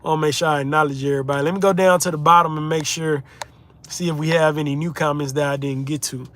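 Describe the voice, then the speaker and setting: A man's voice: fairly high pitch, fairly even intonation, fast talker, fairly bright tone. A young man from the United States hosting a casual livestream, reading out viewer comments in a laid-back, chatty way. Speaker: livestream host, content creator.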